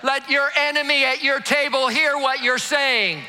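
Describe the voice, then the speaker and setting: A man's voice: very high-pitched, steady tone, moderate pace, bright, forceful tone, slight background noise. A man preaching as pastor, rousing his congregation and leading them in call-and-response. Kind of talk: sermon. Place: large church hall.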